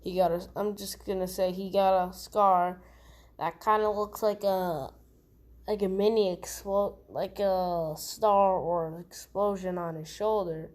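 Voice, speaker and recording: Woman storyteller, casual fan-fiction telling; slow, rambling, self-correcting. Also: mid-range voice, fairly even intonation, a little mellow.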